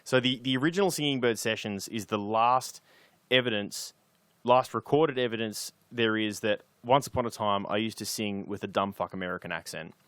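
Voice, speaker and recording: A man's voice: on the low side, normal speed, fairly bright tone, clear, resonant tone, no room sound. A young man with an Australian accent, a musician guest chatting casually in a rambling, sweary, opinionated way. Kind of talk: casual chat.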